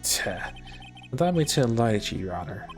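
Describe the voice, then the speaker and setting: A man voicing a cool, cryptic male prosecutor who speaks slowly and smugly. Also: medium pitch, very animated, soft background music.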